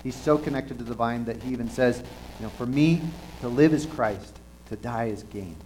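Man giving a sermon, earnest, kinda halting, lots of um and restarts. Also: mid-range voice, darkish tone, a little hiss or hum, poor audio. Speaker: preacher. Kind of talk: conversational sermon.

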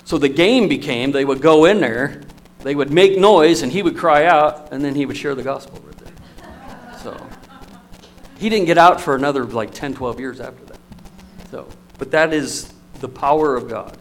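A man preaching a sermon, telling stories in an emotional, storytelling manner with lively swings in loudness. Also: a little high, moderate pace, a little hiss or hum, poor audio.

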